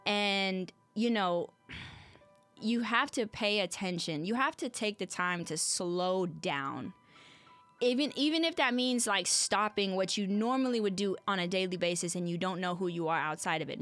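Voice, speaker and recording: A woman's voice: medium pitch, expressive, moderate pace, fairly bright tone, faint music behind. Earnest woman podcaster talking to listeners. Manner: earnest and conversational, often addressing listeners directly. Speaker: podcast host. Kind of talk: reflective solo podcast talk.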